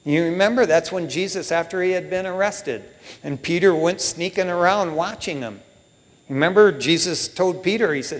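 A man preaching a sermon in a casual, animated way with lots of slang. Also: sits high, moderate pace, long reverb tail.

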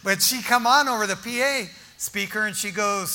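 An older man tells a story as a sermon testimony in a high, very bright, piercing voice at a moderate pace. Animated and joking, he restarts sentences and acts out the dialogue, his words ringing with long reverb through a big church hall.

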